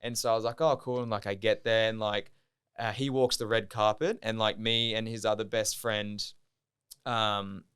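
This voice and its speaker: A young man with an Australian accent chatting loosely on a podcast. His voice is smooth and clear, at an ordinary pitch, and he piles on "like" and swear words as he tells a story. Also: little pitch movement, normal speed, fairly bright tone. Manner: rambling, heavy use of "like", swears freely. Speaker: podcast guest, diver. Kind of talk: casual storytelling chat.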